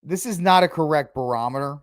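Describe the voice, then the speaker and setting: A man's voice: fairly high pitch, fairly quick, dry recording, studio quality. A man hosting a podcast who talks casually alone, thinking aloud with lots of fillers and restarts. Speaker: podcast host. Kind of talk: casual solo commentary.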